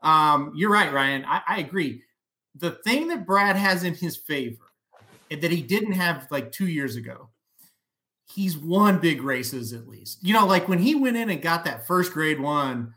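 A man co-hosting a podcast in casual chat, animated and fond of acting out quotes. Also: a little high, moderate pace. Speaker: podcast co-host.

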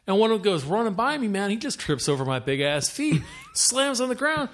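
A laid-back man chatting about his children, tossing in dude and man as he tells stories. His voice sits a little high for a man. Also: big pitch swings, a little fast. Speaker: parent in conversation. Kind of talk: casual chat.

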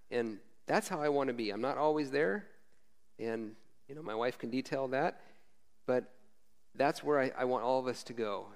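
A man's voice: medium pitch, moderate pace. A man preaching a casual, conversational sermon as a former missionary, frank and informal, often tagging lines with "right?".

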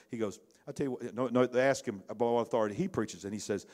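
A middle-aged pastor, preaching in a conversational style that swings between loud bursts and hushed asides. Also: male voice, on the low side, fairly even intonation, racing, few pauses. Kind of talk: sermon.

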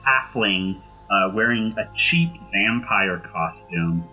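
A man's voice: fairly low pitch, phone-quality sound, soft background music. A man narrating a tabletop game as game master, describing scenes with many "uh"s and "um"s. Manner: filler-heavy, descriptive, unhurried narration.

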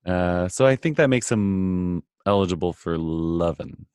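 Low-voiced joking podcast man. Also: lively intonation, measured pace, a little mellow, clear, resonant tone, no echo, clean studio sound. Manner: playful, jokey asides and mock quotes. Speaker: podcast co-host. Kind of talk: casual chat recapping a TV episode.

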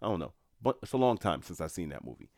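New guy chatting to his viewers, rambling, lowish voice, dry close mic. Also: very animated, quick pace, darkish tone, no echo. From New York. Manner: rambling, conversational, addresses viewers. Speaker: commentator. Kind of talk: casual monologue.

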